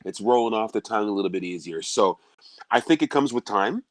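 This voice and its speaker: A middle-aged man, a PA announcer, talking in an animated way in a podcast interview. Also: fairly low pitch, a little fast, a little hiss or hum. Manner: animated, bursts into announcer calls.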